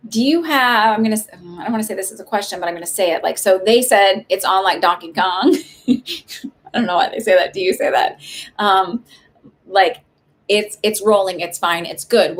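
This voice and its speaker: A woman's voice: on the low side, gravelly. A woman giving casual psychic readings on a live stream, chatty and reassuring, with many likes and ums.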